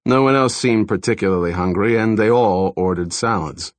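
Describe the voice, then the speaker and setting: A man's voice: lowish voice, normal speed, no echo. A man narrating a first-person thriller audiobook in a dry, wry storytelling manner, close to a studio mic.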